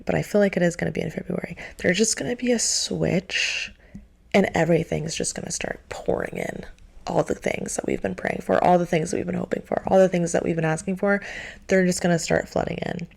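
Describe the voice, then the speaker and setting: Young woman vlogger, lowish gravelly voice, casual earnest pep talk. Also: animated, a little fast, darkish tone. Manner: earnest, repetitive, faith-filled reassurance. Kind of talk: casual encouraging monologue.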